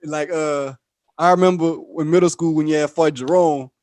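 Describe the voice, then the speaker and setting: A man, hosting a podcast and telling stories in casual chat, animated and laughing often as he acts out voices. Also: fairly high pitch, moderate pace. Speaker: podcast host.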